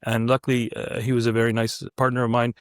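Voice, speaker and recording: A middle-aged man, a physician guest in an interview, telling stories in a casual, animated way with many restarts. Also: medium pitch, quick pace, smooth, no room sound, clean studio sound. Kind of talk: casual anecdotal storytelling.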